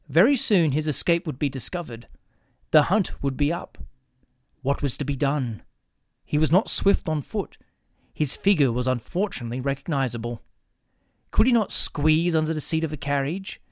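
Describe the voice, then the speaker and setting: A man narrating a children's storybook in an expressive, animated reading. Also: a little high, dry recording, studio quality.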